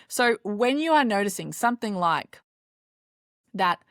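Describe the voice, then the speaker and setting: A woman's voice: medium pitch, expressive, unhurried, dry recording, studio quality. A woman, a doctor hosting her own podcast and explaining things conversationally. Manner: conversational, explanatory, with scripted intro. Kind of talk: solo podcast monologue.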